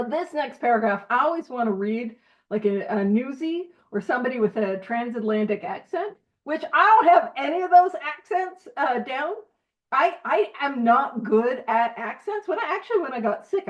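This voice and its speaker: A woman's voice: on the high side, dull audio. A woman leading a book study group, reading passages aloud and explaining them in a chatty, self-deprecating way, laughing often. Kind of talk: casual teaching and reading aloud.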